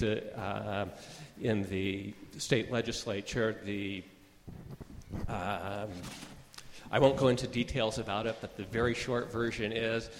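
A man making a measured complaint during public comment at a meeting, pausing often with fillers. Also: fairly low pitch. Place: meeting hall. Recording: hall reverb with faint noise.

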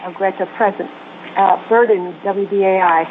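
Brief: woman calling roll on a tinny, hissy phone line, brisk and businesslike. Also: mid-range voice, fairly even intonation. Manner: brisk, businesslike listing of names. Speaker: board secretary taking roll call. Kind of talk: reading a roll call on a conference call.

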